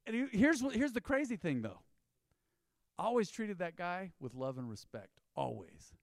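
A man's voice: high voice, big pitch swings, normal speed, creaky, no room sound, studio quality. A man preaching a sermon as pastor, in an emphatic, conversational style with rising bursts.

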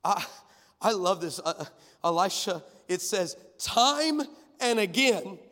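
A man preaching an energetic sermon, telling a story and building to shouted peaks. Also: high-pitched, slow. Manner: builds to shouted crescendos, acts out voices in stories. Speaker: guest preacher. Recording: long hall reverb.

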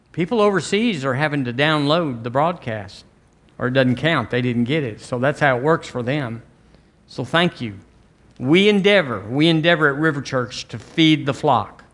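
A man's voice: a little high, a bit bright. A man preaching a fervent sermon as pastor, leading his church in call-and-response.

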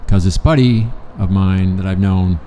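Older guy from michigan, swears a lot, rambles through stories, low mellow voice, faint hum behind. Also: normal speed. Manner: profane, rambling storyteller acting out both sides of conversations. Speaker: storyteller in a casual conversation. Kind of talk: casual chat.

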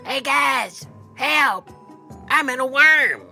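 Man plays a little boy in a campfire tale, hollering weakly in a very high, thin voice. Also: fairly even intonation, slow, bright, forceful tone, soft background music, heavily acted. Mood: pleading. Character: little boy trapped in a worm, pleading weakly.

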